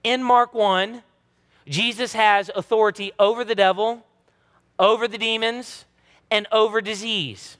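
High-pitched and steady, his fairly bright, clean voice moves a little slowly as this thirtyish man delivers a sermon as pastor. The preaching is earnest and emphatic, full of dramatic quoted voices, and a big hall lends long reverb.

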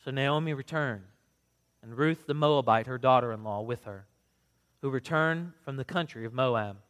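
Earnest pastor reading aloud in a hall. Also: male voice, mid-range voice, normal speed, fairly bright tone. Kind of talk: sermon reading.

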